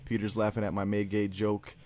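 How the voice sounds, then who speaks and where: A male host talks his way through a casual livestream with rambling, jokey banter. His voice sits a little low, and he keeps tacking "man" onto his lines and breaking into laughter. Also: little pitch movement, brisk, a little mellow, no room sound.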